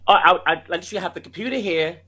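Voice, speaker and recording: A male singer being interviewed, talking in a casual, animated way with frequent restarts. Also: high-pitched, rapid-fire. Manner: animated, many restarts and laughs.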